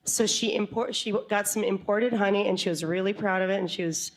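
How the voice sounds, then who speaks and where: A woman telling a true story live on stage to an audience, animated and quick to laugh, with comic asides. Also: medium pitch.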